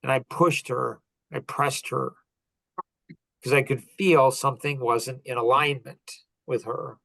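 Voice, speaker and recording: A man's voice: mid-range voice, fairly even intonation, a little slow, gravelly, sharp tone, dry recording. Earnest middle-aged man, dry close sound. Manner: earnest and heartfelt, with frequent restarts. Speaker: podcast host. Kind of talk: personal storytelling.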